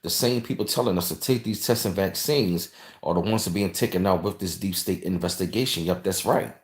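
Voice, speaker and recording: A man's voice: deep voice, fairly quick, reverberant. A man hosting a casual livestream, rambling, repeating himself and thanking viewers from the chat. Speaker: channel host reading live chat.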